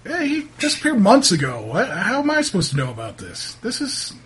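A man putting on a grumpy backwoods drinker who bristles at every question. He sounds husky and swings his pitch widely while protesting. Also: wildly swooping pitch, brisk, a bit bright, full character voice. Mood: defensive. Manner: defensive, exasperated.

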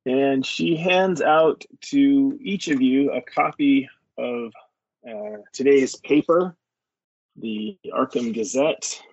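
Man, game master, slow, gravelly, hesitant, lo-fi sound. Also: medium pitch, a little mellow, no echo. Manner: hesitant, filler-heavy, easygoing. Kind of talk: narrating a tabletop game. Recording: dull lo-fi sound, dry.

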